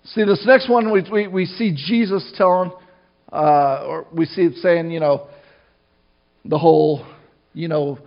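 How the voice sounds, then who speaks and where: A middle-aged man preaches to his church in a loose, conversational way. He often restarts his sentences and goes off on asides. His voice sits high for a man, and the recording sounds muffled and lo-fi. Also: measured pace, gravelly. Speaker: pastor. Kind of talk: sermon.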